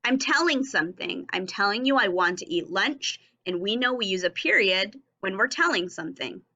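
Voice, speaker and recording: A woman teaching a recorded phonics and punctuation lesson for young children, speaking slowly and enunciating each word and sound clearly. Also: medium pitch, animated, bright, forceful tone, muffled recording.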